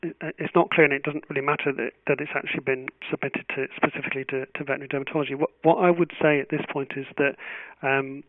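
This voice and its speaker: Measured man on a tinny call line. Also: mid-range voice, level tone, dry recording. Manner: thoughtful, measured, with frequent restarts and hesitations. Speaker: journal deputy editor answering webinar questions. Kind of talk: webinar Q&A. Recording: tinny phone-like webinar audio.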